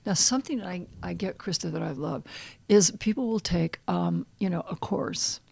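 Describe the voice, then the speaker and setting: A middle-aged woman, an animal communication counselor, talking in a soft, guiding way that sometimes drops to a hushed near-whisper in a podcast interview. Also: fairly low pitch, moderate pace, vocal fry, breathy edge, no room sound.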